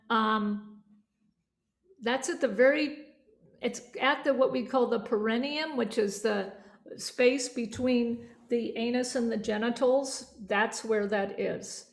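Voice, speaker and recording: Her voice sits a little high and has a creaky edge as she runs a vocal yoga certification class. Animated and chatty, she stops now and then to model voices and resonance for her students.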